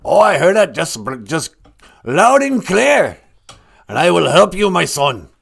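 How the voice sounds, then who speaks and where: A man's voice: high voice, sing-song, measured pace, vocal fry, fairly bright tone, breathy edge, pitched above the performer's own voice, exaggerated voice. A man voicing the Great Spirit as a fatherly male elder who sounds like a pirate and calls the listener "my son.". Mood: booming.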